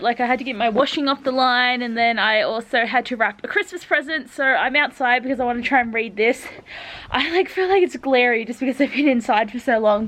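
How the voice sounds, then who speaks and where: A young woman with an Australian accent chats straight to camera in a bright, high-pitched voice. She talks in an easy, gushing way, scattering "like" through her sentences as she vlogs. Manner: chatty and gushing, peppered with "like". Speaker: vlogger. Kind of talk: casual chat to camera.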